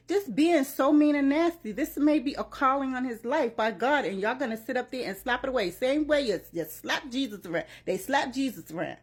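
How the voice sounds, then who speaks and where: A woman's voice: high voice, animated, fairly quick, few pauses, husky. A woman giving an emotional, preachy reaction commentary, often saying "child" and "you know what I'm saying". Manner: uses "child" as address. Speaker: commentary vlogger.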